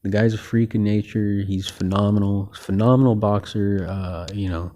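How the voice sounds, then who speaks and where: A man hosts a loose, one-person sports chat, wandering from point to point and leaning on filler words. His voice sits a little low, with a dark, mellow tone. He comes across as relaxed and opinionated. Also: moderate pace. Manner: rambling, heavy on filler words like "you know". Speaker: host. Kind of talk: casual boxing talk monologue.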